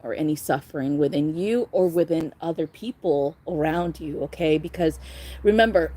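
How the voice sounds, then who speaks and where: Young woman, tarot reader, casual chatty vlog, lower voice, laughs and swears freely. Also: normal speed, mellow. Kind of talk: casual spiritual vlog reading.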